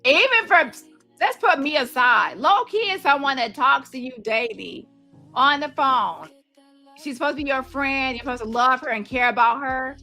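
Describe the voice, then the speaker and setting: A woman's voice: high-pitched, animated, moderate pace, pushed and bright, faint music behind. A woman hosting a commentary stream, talking heatedly and repeating herself as she stacks up accusations. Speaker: host. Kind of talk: casual commentary to camera.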